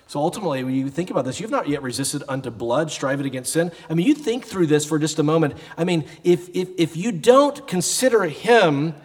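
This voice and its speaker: A man's voice: a little high, lively intonation, fairly quick, hardly any pauses, big-room sound. A pastor giving a conversational sermon, sometimes acting out the people he quotes, in a church sanctuary. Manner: conversational preaching, acts out quoted voices.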